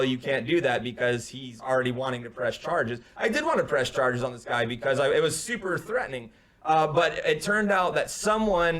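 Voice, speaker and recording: A young man, co-host of a casual talk show, telling a story with energy and acting out the other man's shouted lines, heard over a remote call. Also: mid-range voice. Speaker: podcast co-host. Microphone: headphones on, remote call.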